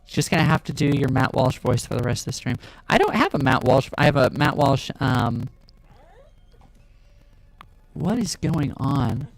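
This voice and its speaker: A man streaming and reacting live, loud and profane, talking to chat over glitchy pitch-shifted audio. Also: very animated, moderate pace, long pauses, soft background music, rough recording.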